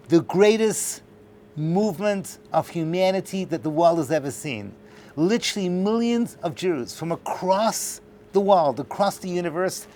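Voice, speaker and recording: A man giving a lively, joking class lecture to a live audience, talking straight to his listeners. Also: fairly high pitch, a little hiss or hum.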